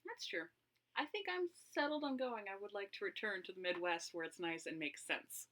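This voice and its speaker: A woman's voice: medium pitch, animated, normal speed, a bit bright. A woman co-hosting a podcast, teasing and giggling in a casual chat. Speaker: podcast co-host.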